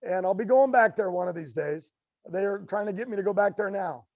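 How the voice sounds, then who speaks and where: An older American man, a racing guest, telling stories in a halting, rambling way with many fillers and restarts. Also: sits high, no room sound, muffled recording. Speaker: guest, drag racer. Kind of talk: storytelling interview.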